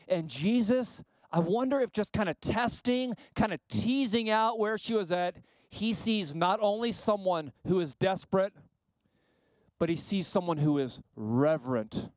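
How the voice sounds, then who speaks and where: A male pastor giving a sermon in a conversational, animated way, with frequent asides. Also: sits high, no room sound.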